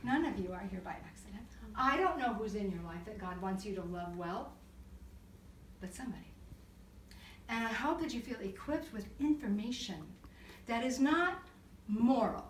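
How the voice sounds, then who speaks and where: A woman counselor talking to a church group, telling stories in an animated way, acting out voices and laughing often. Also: mid-range voice, normal speed, pauses often, slight background noise. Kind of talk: church talk to a live group. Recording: echoey room recorded from far off.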